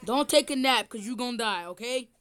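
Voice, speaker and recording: Her voice a little high and a bit bright, an older woman speaks in an animated, slightly fast way. She's playing a game with her family and teasing them playfully, recorded on a phone as a screen recording of casual gameplay commentary.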